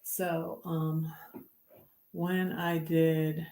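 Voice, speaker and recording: Middle-aged woman, low and unhurried, rambling livestream host full of ums. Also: little pitch movement. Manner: rambling, halting with many ums, greets viewers brightly. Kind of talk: casual livestream chat.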